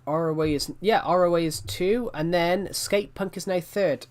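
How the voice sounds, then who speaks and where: A man's voice: a little high, normal speed, hardly any pauses. A man in his twenties chatting casually on a game stream, rambling, joking and swearing. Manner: laughing, swearing, rambling, jokey. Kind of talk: casual live-stream chat.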